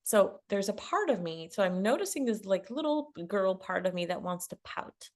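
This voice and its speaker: A woman love coach telling a personal story in a relaxed conversation, laughing often and acting out what people said. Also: medium pitch, moderate pace. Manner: animated, laughs often, acts out quotes.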